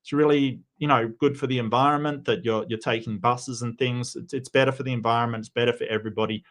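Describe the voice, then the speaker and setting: An Australian man talks casually on a livestream in a mid-pitched voice. He rambles loosely, restarts his sentences often and greets viewers by name between comments. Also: fairly even intonation, quick pace, a bit bright. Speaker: livestream host.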